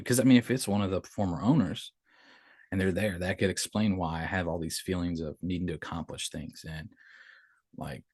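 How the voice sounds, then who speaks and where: A middle-aged man tells his own haunted-house experiences in a casual, rambling way, restarting sentences and acting out quotes. His voice sits very low. The recording is close and dry with no room sound. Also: fairly even intonation, moderate pace, long pauses, no echo. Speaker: podcast host telling his own experiences. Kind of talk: casual storytelling.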